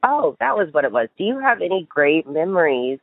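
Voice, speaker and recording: A woman's voice: lowish voice, big pitch swings, brisk, creaky, no echo. Upbeat woman host on a phone line. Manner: encouraging, frequent affirmations. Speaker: podcast host. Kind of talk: casual interview. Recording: phone-like remote call audio.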